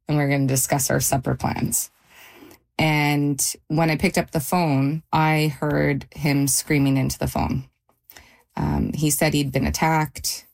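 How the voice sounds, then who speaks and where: Low, gravelly-voiced woman recounting. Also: a little mellow. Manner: measured, halting recounting with pauses and restarts. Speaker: interview guest, mother. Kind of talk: personal account in a radio interview.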